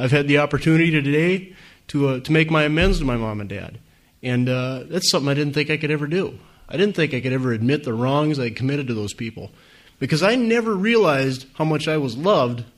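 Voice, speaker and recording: Earnest man sharing his story. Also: fairly high pitch. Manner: earnest, conversational, many fillers. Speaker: speaker at a recovery meeting. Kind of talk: personal testimony to an audience.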